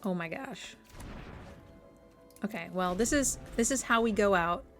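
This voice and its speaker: A woman's voice: mid-range voice, expressive, measured pace, faint music behind. A woman streamer giving gameplay commentary, thinking aloud and playfully exasperated as she plays.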